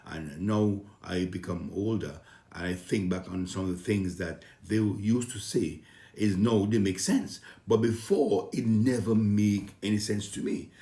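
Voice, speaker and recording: A man's voice: on the low side, a little slow, dark tone, roomy sound. A man from Saint Vincent with a Vincentian accent, a comedian talking casually and earnestly about his upbringing, sometimes getting heated. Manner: earnest, heated at times, with many fillers and restarts.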